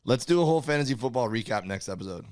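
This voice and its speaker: A comedian co-hosting a casual podcast, teasing his co-host with deadpan jokes. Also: mid-range voice, rapid-fire, dry recording, clean studio sound.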